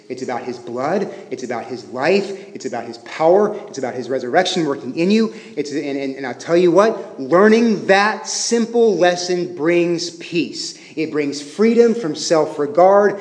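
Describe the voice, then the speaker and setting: A pastor delivers a conversational sermon, his fairly high voice leaning into emphatic lines and then dropping to a hush. He is heard in a roomy church with a long, ringing reverb trailing his words. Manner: conversational, swinging from emphatic to hushed. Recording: echoey hall with long reverb.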